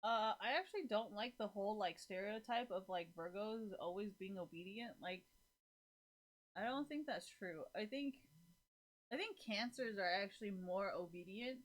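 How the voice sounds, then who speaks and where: A woman's voice: mid-range voice, lively intonation, moderate pace. A woman chatting casually and rambling, swearing freely and laughing often. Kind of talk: casual chat.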